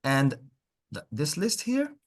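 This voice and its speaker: A man's voice: on the high side, huge pitch swings, slow pace. A man teaching an online English lesson, encouraging and repeating words with frequent praise. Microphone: computer mic on a video call.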